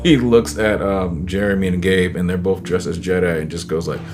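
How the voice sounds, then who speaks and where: Deep-voiced man telling a story over guitar. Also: normal speed. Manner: animated, acts out the people he quotes. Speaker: YouTuber telling a personal story. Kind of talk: casual storytelling. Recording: guitar music under the voice. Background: guitar music.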